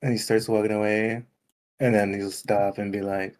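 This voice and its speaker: A man's voice: on the low side, little pitch movement, moderate pace, darkish tone. A man playing a tabletop game, describing his character's moves in a laid-back way. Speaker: player.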